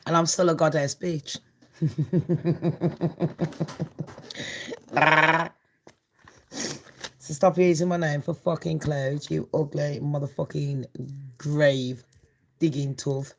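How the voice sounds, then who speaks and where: A woman's voice: low-pitched, little pitch movement, normal speed, creaky, few pauses, darkish tone, slight background noise. A brash woman chats through celebrity gossip for her channel. She swears freely and laughs often, with a loose, casual delivery.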